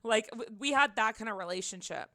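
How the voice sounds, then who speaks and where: A woman's voice: on the high side, fairly quick, sharp tone, no room sound, studio quality. A young woman livestreaming, casually telling a rambling personal story full of filler words. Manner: chatty, rambling, lots of "like" fillers.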